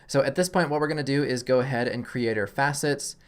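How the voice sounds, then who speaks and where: A man walks through a software tutorial in a loose, chatty way, narrating each click as he goes. He sounds relaxed and pokes fun at himself when something goes wrong. He records from a desk mic at home. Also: mid-range voice, fast talker. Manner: relaxed, self-deprecating, thinks aloud while clicking. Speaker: tutorial host.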